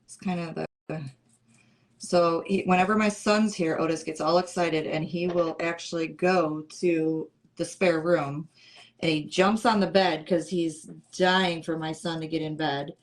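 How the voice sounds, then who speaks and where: A woman's voice: on the low side, fairly even intonation, unhurried. Chatty woman hosting a craft livestream. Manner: chatty and playful, answers comments. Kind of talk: casual chat with live viewers.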